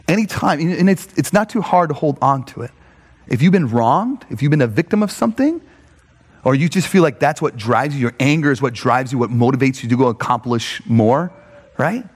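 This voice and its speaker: Animated man preaching in a reverberant hall. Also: mid-range voice, brisk, husky. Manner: animated, filler-heavy, asks "right?" often. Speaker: pastor. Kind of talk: conversational sermon.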